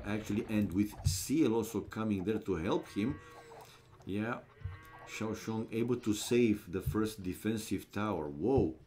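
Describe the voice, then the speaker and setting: Low, mellow non-native English game commentator. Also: male voice, a little hiss or hum. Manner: relaxed, rambling, frequent uh fillers, chuckles at chat. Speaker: streamer commenting a strategy game. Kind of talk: live game commentary with chat replies. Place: gaming room.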